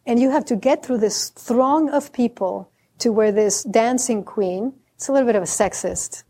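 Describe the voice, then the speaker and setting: With a mellow, fairly high-pitched voice, a female Zen teacher offers a dharma talk that's candid and reflective, slowing on key words and leavened with self-deprecating humor.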